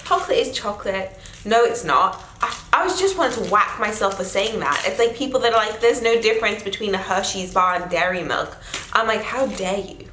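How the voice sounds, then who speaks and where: Young South African woman, casual vlog voice, exclaims a lot, mid pitch, echoey room. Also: expressive, brisk, bright, forceful tone, slight background noise. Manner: chatty and exclamatory. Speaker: vlogger. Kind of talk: casual taste-test vlog.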